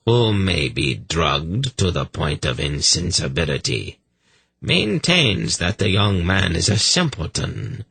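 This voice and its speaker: A male audiobook narrator voicing a menacing older male sorcerer-priest who speaks in a calm, deadly, mocking way. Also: low voice, gravelly, husky, no echo, exaggerated voice. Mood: quietly menacing. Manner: slow, cold, mocking. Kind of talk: audiobook character reading.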